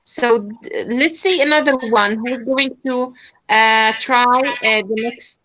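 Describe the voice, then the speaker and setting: A woman's voice: fairly high pitch, slow pace, sharp tone, low-quality recording. A woman teacher leads an online pronunciation lesson, hesitant and full of fillers. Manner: hesitant, many fillers, switches into Arabic to explain.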